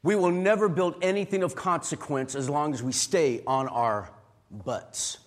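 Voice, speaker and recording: A man's voice: on the high side, a little slow. A middle-aged man preaching a sermon as a pastor, emotional and repetitive, building emphasis through repeated phrases.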